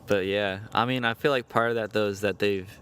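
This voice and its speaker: A man's voice: fairly low pitch, fairly even intonation, a little fast, a bit bright, clean tone. A young American man chatting casually on a podcast, rambling and joking in a laid-back way. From United States.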